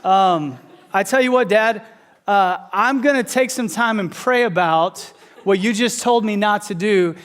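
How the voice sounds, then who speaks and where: A man's voice: sits high, measured pace, a bit bright. A man voicing a cheeky four-year-old girl who answers her dad in a mock-polite, sassy way.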